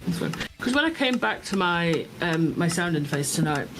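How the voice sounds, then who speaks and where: A man's voice: on the high side, sing-song, moderate pace. A man hosting a gaming stream in casual, rambling chat that is peppered with swearing. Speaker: streamer host. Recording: noisy background.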